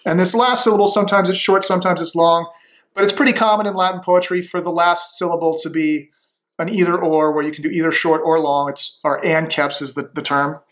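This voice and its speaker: A man thinking aloud as he slowly works through a demonstration, tentative and musing, with frequent restarts. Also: on the high side, little pitch movement, fairly bright tone.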